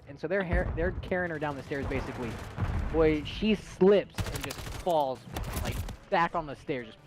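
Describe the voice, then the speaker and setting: A man's voice: on the high side, noisy background. A young man from Texas, a streamer, telling rambling, profane stories in casual chat and laughing often.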